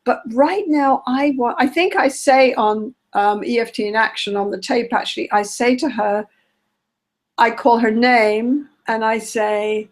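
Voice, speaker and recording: A woman guest, a therapy trainer, teaching in casual conversation and lively acting out what a therapist says to clients. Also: a little high, unhurried. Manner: lively, acts out therapist dialogue.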